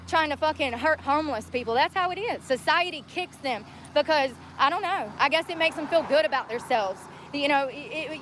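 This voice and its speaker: A homeless woman streams live from an outdoor street, swearing and ranting combatively, plainly weary and sore from walking. Her voice is high-pitched and fairly bright, with slight background noise behind it.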